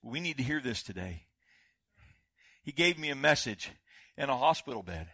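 An older man preaching a sermon as pastor, swinging from loud exclamations to hushed prayer. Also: mid-range voice, big pitch swings, moderate pace, creaky, no room sound, lo-fi sound.

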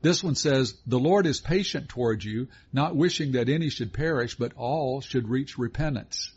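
A man's voice: medium pitch, moderate pace, husky. A middle-aged man co-hosting a Christian teaching talk, folksy and affirming as he reads and explains scripture. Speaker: co-host of a Christian teaching show. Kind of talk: conversational Bible teaching. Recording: dull lo-fi sound.

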